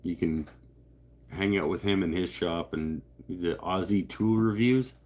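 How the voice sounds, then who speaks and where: A man's voice: low voice, a little slow, a little mellow, slight background noise. A man hosting a live stream, chatting casually and joking as he rambles through viewer comments. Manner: rambling, joking, self-interrupting. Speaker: livestream host.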